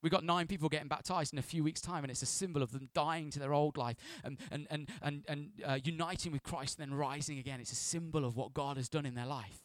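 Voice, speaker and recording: A man preaching a sermon as pastor, animated, dropping to hushed asides and rising to loud, playful bursts. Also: on the high side, fast talker, hardly any pauses, no echo.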